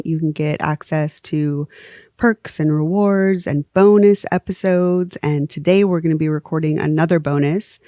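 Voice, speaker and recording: Woman podcast co-host, low-pitched, casual and giggly, dry studio sound. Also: no echo. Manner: laughs often, relaxed and chatty. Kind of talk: casual chat.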